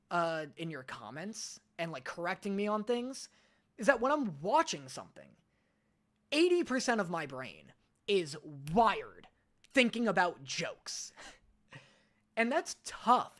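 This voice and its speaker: Man, streamer, talks in loose rambling chat with a lively, bouncy pitch. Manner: rambling, self-deprecating, restarts often. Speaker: reaction streamer.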